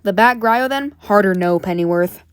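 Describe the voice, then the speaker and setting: A woman putting on a low, curt masked vigilante. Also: normal speed, clear, resonant tone, no room sound, clean studio sound, close to an everyday voice. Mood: dismissive. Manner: curt, clipped refusals. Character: brooding young male vigilante, terse.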